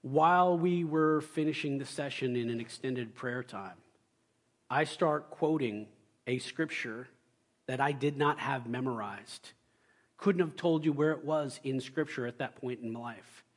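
A young adult male pastor giving a sermon, telling stories with loud excited bursts and quiet asides. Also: medium pitch, a little slow.

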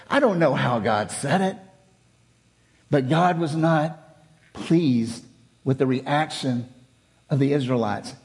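A man's voice: medium pitch, slow pace, pauses often, a little mellow. A man preaching a sermon, reading scripture aloud and explaining it with rhetorical questions and repetition.

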